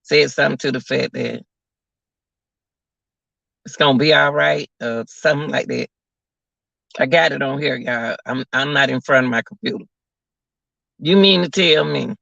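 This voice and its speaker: A man gives casual live commentary, incredulous and repetitive as he addresses his viewers. His voice is gravelly with a bright, cutting tone. The recording is dry, dull and lo-fi. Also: medium pitch, normal speed, long pauses, no echo. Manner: incredulous, repeats phrases, talks to viewers as y'all. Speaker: commentary vlogger. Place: at work, away from home. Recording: dull lo-fi audio.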